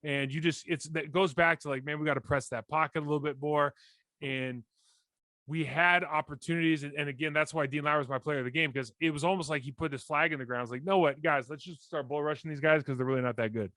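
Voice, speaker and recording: Bright, animated man talking football. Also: on the high side, fast, no echo. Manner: animated, explains plays in detail, many restarts. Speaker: podcast co-host, former NFL lineman. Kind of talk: casual sports chat.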